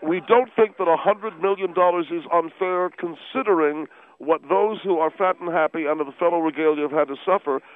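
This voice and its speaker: A stuffy, indignant activist voiced by a man lectures formally with food in his mouth. His voice sits fairly high, and it comes through a thin, tinny phone line. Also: brisk, natural voice. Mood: pompous. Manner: stiff, formal and indignant, chewing while talking. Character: pompous overweight male activist who talks with his mouth full.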